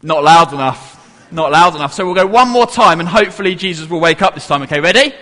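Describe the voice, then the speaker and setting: A man's voice: a little high, animated, fast talker, pushed and bright, big-room sound. A man giving an interactive children's Bible talk to a congregation in church, playful and coaxing everyone to join in.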